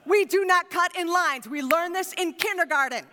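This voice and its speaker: A woman pastor with a high voice preaches to her congregation, with expressive, dramatic delivery. Her voice carries through a church sanctuary with a long, echoing reverb. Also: normal speed. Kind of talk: sermon.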